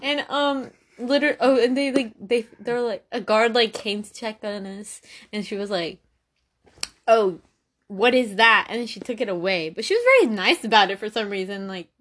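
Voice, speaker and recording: A young woman hosts a casual podcast chat, telling a story in a rambling, giggly way packed with "like." Her medium-pitched voice runs a little fast, and it was recorded on a phone.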